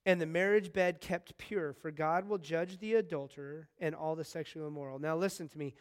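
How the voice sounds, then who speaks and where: A man in his thirties delivers a sermon in a high, light voice. He talks to the congregation like a friend, telling stories and breaking into sudden excited bursts. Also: a little fast. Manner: conversational, animated storytelling with sudden bursts of excitement. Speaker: pastor.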